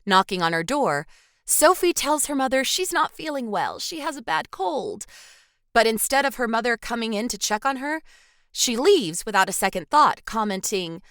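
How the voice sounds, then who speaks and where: A woman's voice: a little high, sing-song, normal speed, a bit bright, no room sound. A woman co-hosting a podcast, reading a film recap with dry little asides. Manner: scripted recap broken by dry quips. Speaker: podcast co-host.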